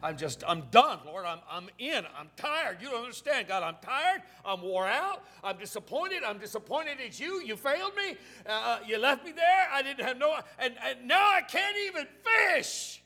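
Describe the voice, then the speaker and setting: Preacher doing a high, strained, bright-voiced fisherman disciple, raw and pleading. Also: brisk, breathy edge. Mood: weary, exasperated. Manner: pleading, raw complaint to God. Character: frustrated weary male fisherman disciple.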